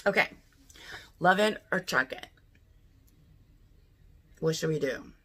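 A woman's voice: low-pitched, slow pace, a bit bright. A woman chatting casually through a beauty box unboxing, thinking aloud and asking her viewers what she should do. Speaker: beauty vlogger.

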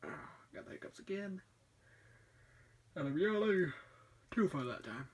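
A man's voice: fairly high pitch, animated, a little slow, husky. A man giving let's play commentary, wry and self-deprecating, often exclaiming at the game. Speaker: gamer.

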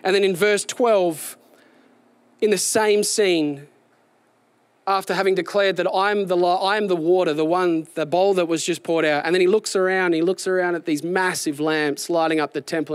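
A man preaching a sermon outdoors, animated and building to a raised, excited delivery. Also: sits high, normal speed, dry recording. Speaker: pastor.

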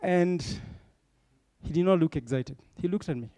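A middle-aged bank executive gives young leaders a motivational talk built on stories, frequently tacking on tag questions to check in. His voice is a little high and dark-toned, at a normal pace, with no room sound.

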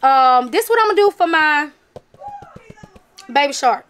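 A chatty woman with a bright, high voice talks straight to her viewers, calling them y'all. Her talk is casual and emphatic. Faint noise sits under the recording. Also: lively intonation, unhurried. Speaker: vlogger showing a craft haul. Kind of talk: casual chat to camera.

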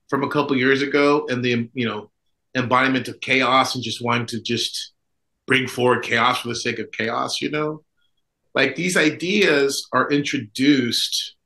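A man's voice: medium pitch, gravelly, pushed and bright, poor audio. A man who is an Orthodox priest co-hosting a podcast, talking in a rambling, casual way full of fillers and asides. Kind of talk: casual conversational chat.

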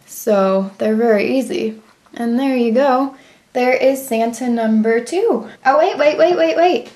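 A young woman with a slightly high voice walks through a drawing step by step. She keeps up a chatty, self-commenting voice-over and paces her words to her pen. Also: unhurried, a little mellow. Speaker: drawing tutorial host.

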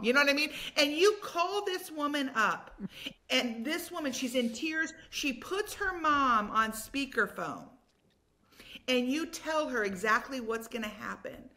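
Woman, podcast guest, animated storyteller, bright forceful voice, effusive. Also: high voice, measured pace. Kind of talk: casual chat.

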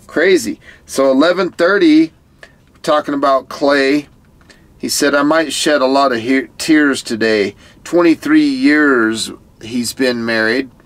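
A man casually recapping a reality survival episode, retelling scenes and quoting the people in it. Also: mid-range voice. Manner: retells scenes, quoting participants, repeats "crazy". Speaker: YouTube reviewer.

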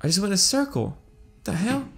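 A man casually commenting while playing a horror game, jumpy and excitable, cursing freely and thinking out loud. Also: high voice, a little fast. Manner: jumpy, excitable, swears a lot. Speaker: gaming video host. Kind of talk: casual let's-play commentary.

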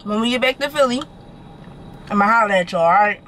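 A young woman vlogging from her car, chatting to her viewers in an animated, slangy way and swearing casually. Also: medium pitch, a little fast, slight background noise, rough recording. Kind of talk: casual chat to camera.

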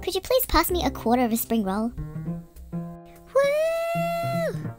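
A woman voicing a shrunken, tiny version of her game avatar, giggly and squealing with excitement. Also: extremely high pitch, slow pace, faint music behind, voice pushed up, heavily acted. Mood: giddy. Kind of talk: game voice-over.

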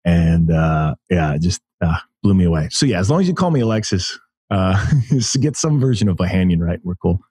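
Man, 30s, American, podcast guest, animated, laughing, low-pitched. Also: a little fast, breathy edge, no room sound. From United States. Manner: animated storyteller, laughs often, many restarts. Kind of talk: casual interview conversation.

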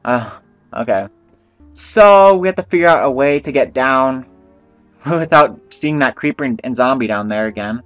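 A man's voice: medium pitch, lively intonation, a little slow, a bit bright, dry recording. A young man with a stuffy nose hosting a casual, profane let's-play, talking to himself and laughing. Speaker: gaming channel host. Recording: faint game music behind.

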